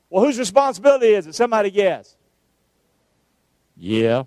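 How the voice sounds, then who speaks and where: A male preacher, giving a sermon, calling on the congregation to answer and shouting verses out. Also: sits high, no room sound. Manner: calls for responses, shouts the verses out.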